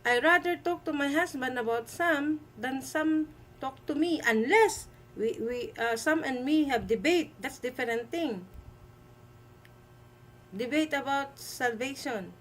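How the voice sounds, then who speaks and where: Woman host, high voice, slow emphatic delivery, light noise behind. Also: low-quality recording. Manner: emphatic, repeats herself, halting with fillers. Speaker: livestream host. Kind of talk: live-stream commentary.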